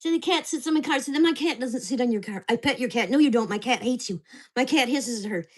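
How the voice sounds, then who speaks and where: A woman's voice: a little high, fast talker. An older woman venting angrily and profanely in a casual vlog rant. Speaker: vlogger.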